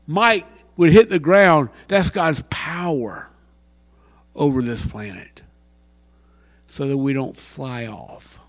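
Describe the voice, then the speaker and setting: A man preaching a sermon into a handheld mic in a church hall, dropping to near whispers and then rising to loud exclamations. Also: high-pitched. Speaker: pastor.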